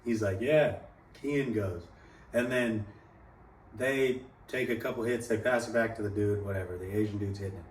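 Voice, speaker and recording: A man's voice: lowish voice, normal speed. A young man telling a story in casual talk, swearing freely and rambling. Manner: profane, rambling, animated quoting. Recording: echoey room, mic at a distance, faint background noise.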